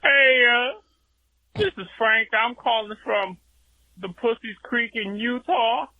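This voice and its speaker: A man putting on a country bumpkin with a fake rural Southern drawl, griping in mock earnest. The voice sits high and crawls along slowly. It comes through a tinny phone voicemail line. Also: no echo, exaggerated voice. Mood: mock indignant. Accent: put-on rural Southern US accent. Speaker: caller.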